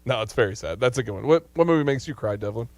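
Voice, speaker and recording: A man's voice: mid-range voice, lively intonation, very fast, creaky, no echo. A man in his thirties hosting a sports radio show, chatting casually and laughing easily. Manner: upbeat, laughs easily, emotional.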